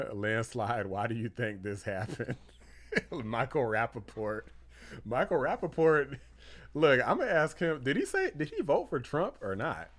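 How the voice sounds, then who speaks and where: A man hosting a political live stream, reacting excitedly to posts and news, laughing and rambling between thoughts. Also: medium pitch, a little slow. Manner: rambling with restarts and fillers. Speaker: political livestream host.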